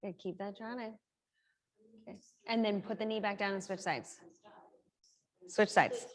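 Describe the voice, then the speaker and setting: A woman's voice: medium pitch, fairly even intonation, a little slow. A woman physical therapist leading a group exercise workshop in a fitness studio, giving chatty coaching cues. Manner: upbeat, chatty coaching cues with frequent "like" and "right?".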